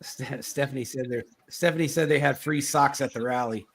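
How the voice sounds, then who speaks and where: A man hosting a casual political talk show, rambling in a halting way with lots of fillers and restarts. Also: mid-range voice, a bit bright. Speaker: podcast host.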